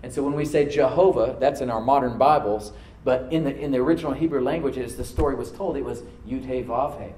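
A man preaching to a congregation, reading scripture aloud and then dropping to a soft voice to stress a point, calling for responses from the room. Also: mid-range voice, quick pace, few pauses, roomy sound, poor audio. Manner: asks the congregation to answer back. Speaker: pastor. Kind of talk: sermon. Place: church service with a live congregation.

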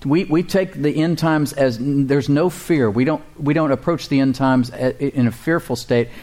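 A man's voice: medium pitch, darkish tone. Man preaching a sermon. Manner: preaching with call-and-response to the congregation; reads scripture slowly and deliberately. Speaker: pastor.

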